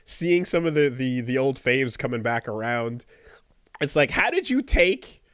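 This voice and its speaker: A man's voice: mid-range voice, measured pace, fairly bright tone, clean tone, no echo, clean studio sound. A man co-hosting a podcast in casual chat, rambling and hesitant with lots of fillers. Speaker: podcast co-host.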